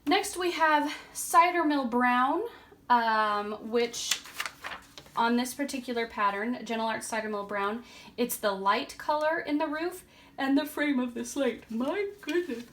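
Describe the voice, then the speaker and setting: Woman craft vlogger, relaxed and chatty, a bit tired; voice on the high side, light background noise. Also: a little slow. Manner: chatty and relaxed, with frequent ums. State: tired and yawning. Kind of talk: casual tutorial talk. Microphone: camera on a tripod.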